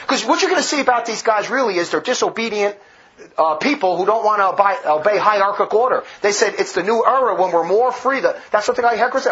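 A man's voice: quick pace, fairly bright tone. Fiery male preacher, dull lo-fi sound. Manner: fiery, indignant, restless pitch swings. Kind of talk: impassioned sermon on church history.

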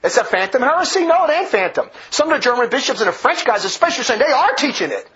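This man preaches a fiery, indignant sermon on church history, talking fast in a slightly bright voice whose pitch swings widely and restlessly, rising and falling sharply. The recording is muffled.

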